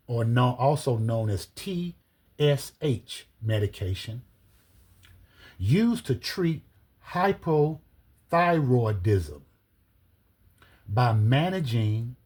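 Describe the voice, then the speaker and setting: A man giving a slow, deliberate scripture-based teaching, reading verses aloud and spelling out words letter by letter. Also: medium pitch, a little mellow. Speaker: religious teacher.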